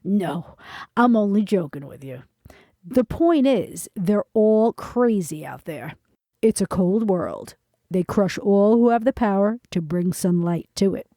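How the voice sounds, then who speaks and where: A woman's voice: mid-range voice, animated, unhurried, warm tone, no room sound, studio quality. A woman voicing a cool, self-assured man of about sixty who speaks with nonchalant, worldly scorn.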